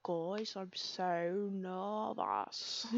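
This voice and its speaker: A woman's voice: medium pitch, drawn-out words, gravelly, darkish tone, slight background noise. A woman streaming casual chat, giggling and teasing herself often. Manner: giggly, self-deprecating, laughs often. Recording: dull, slightly lo-fi dry sound.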